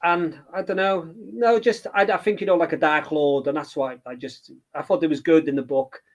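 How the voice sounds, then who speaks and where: A man's voice: fairly high pitch, fairly even intonation, normal speed, highs cut off. A middle-aged man, a children's book author chatting in an interview, rambling and hesitant with many restarts. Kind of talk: casual interview chat.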